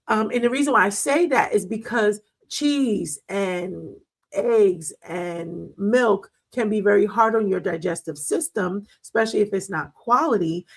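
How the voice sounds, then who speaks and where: A middle-aged woman hosts a casual wellness talk, chatting and telling family stories with plenty of ums and laughs. Her voice has a gravelly fry and a husky edge, at an ordinary pitch for a woman. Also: poor audio. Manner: chatty, storytelling, laughs often, many fillers. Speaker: wellness show host.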